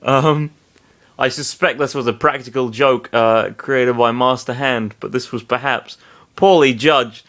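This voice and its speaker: A man's voice: medium pitch, a little slow, a bit bright. A man reading fan fiction aloud, breaking off into self-deprecating, apologetic asides. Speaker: reader, narrator.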